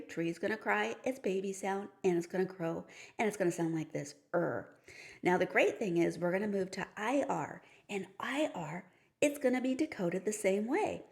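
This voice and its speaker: A woman's voice: mid-range voice, creaky, a little mellow. A woman teaching a phonics lesson for teachers and parents, patiently explaining each step with playful story cues. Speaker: reading teacher.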